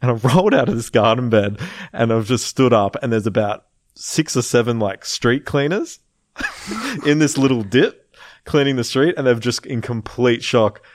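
A man telling a wild story in casual chat, animated, swearing freely and laughing as he goes. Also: medium pitch, normal speed, no echo.

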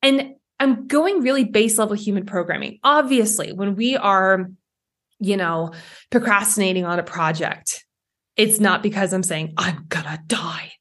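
A woman's voice: medium pitch, normal speed, fairly bright tone. A woman hosting a solo podcast, talking candidly and with feeling, acting out inner voices and swearing now and then. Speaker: podcast host.

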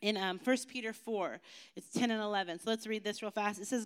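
Lively youth pastor woman, smooth voice. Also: medium pitch. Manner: lively, chatty and joking, with emphatic slowed phrases. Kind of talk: youth sermon.

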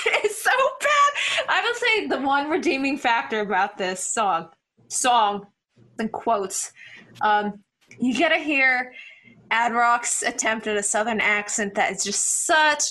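A young woman co-hosting a casual music podcast, animated and quick with jokes and asides. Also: on the high side. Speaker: podcast co-host. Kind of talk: casual album review chat.

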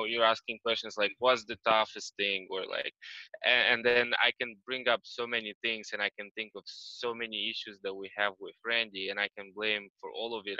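A man's voice: on the low side, sharp tone, no room sound. A man from Moldova, a panel guest speaking thoughtfully and searching for words. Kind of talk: reflective conversation. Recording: dull, dry, lo-fi sound.

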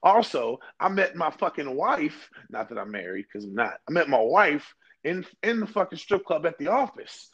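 A man's voice: fairly high pitch, very animated, normal speed, hardly any pauses, fairly bright tone, slightly rough, highs cut off. A young man co-hosting a podcast, telling rambling, profanity-laced stories in casual chat. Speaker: podcast co-host.

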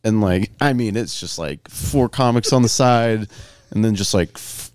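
A man's voice: on the low side, normal speed, no room sound. A young man, a comedian and podcast co-host, telling a profane story in a casual chat and acting out what people said. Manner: profane, animated retelling with acted-out quotes.

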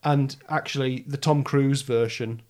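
A man's voice: medium pitch, fairly even intonation, measured pace, a little mellow. A man hosting a casual chat, wry and self-deprecating, often trailing off with a laugh. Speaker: podcast host.

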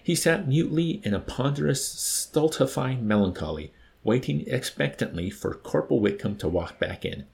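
Gravelly low-voiced man reading aloud. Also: a little mellow. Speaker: reader and co-host. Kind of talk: audiobook reading and book discussion.

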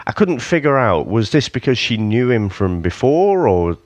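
A man's voice: mid-range voice, big pitch swings, moderate pace, dry recording. A man co-hosting a casual film review podcast, wry and swearing, sometimes quoting characters in put-on voices. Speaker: podcast co-host.

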